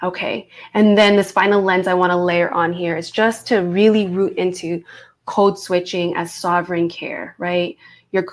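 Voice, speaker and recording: A woman in her thirties teaching an online course, speaking in a reflective way and often checking in with her listeners. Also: mid-range voice. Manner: reflective, warm teaching tone with frequent "right?" check-ins. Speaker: voice coach.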